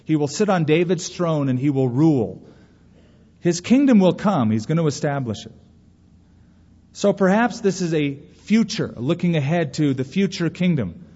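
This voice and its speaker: Man, pastor's sermon, slightly high voice, earnest rhetorical questions, dull lo-fi sound. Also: animated, normal speed, mellow. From California. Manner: earnest preaching with rhetorical questions and story asides. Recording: reverberant hall, dull lo-fi sound.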